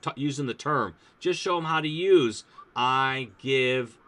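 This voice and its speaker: Give me a male language teacher in casual conversation, telling lively classroom stories. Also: a little high, moderate pace. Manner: lively storyteller, acts out classroom voices.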